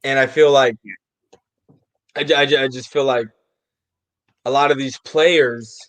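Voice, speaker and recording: Animated, cursing man telling stories. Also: medium pitch, measured pace. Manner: animated storyteller, swears freely. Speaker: panel guest. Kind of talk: casual sports talk.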